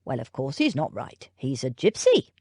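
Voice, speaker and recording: A woman playing a gruff, brawl-ready young footman. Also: a bass voice, huge pitch swings, normal speed, warm tone, no room sound, studio quality, voice pushed down, heavily acted. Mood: scornful. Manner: gruff, scornful, snorting. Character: blunt young male footman, quick to fight.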